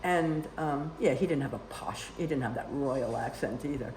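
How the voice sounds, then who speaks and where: A woman's voice: a bass voice, moderate pace, darkish tone, a little hiss or hum. An older woman telling long, rambling personal stories in casual conversation, with many "you know" asides. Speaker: storyteller guest. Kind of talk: casual storytelling. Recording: roomy echo.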